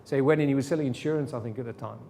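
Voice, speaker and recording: A man's voice: medium pitch, very fast, dark tone, slight background noise. A man teaching a sales seminar to a live audience, firing rhetorical questions at the room. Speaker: sales trainer.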